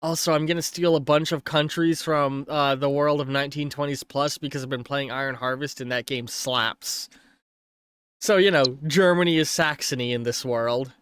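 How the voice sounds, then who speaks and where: A man's voice: on the high side, steady tone, moderate pace, fairly bright tone, clean tone, dry recording, clean studio sound. A man narrating as game master of a tabletop game on a stream, rambling and correcting himself as he goes.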